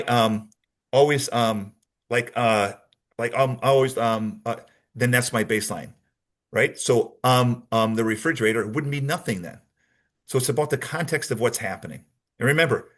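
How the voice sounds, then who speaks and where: A man's voice: medium pitch, a bit bright, slightly rough. A man teaching a lecture on detecting deception, explaining step by step, repeating key points and acting out sample answers. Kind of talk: training lecture.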